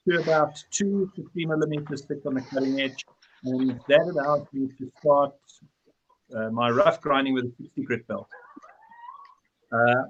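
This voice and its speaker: Man, plain practical talker, mid voice, muffled call, faint hiss behind. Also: fairly high pitch. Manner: matter-of-fact, practical. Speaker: knifemaker guest. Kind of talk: casual panel chat on a video call. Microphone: video call.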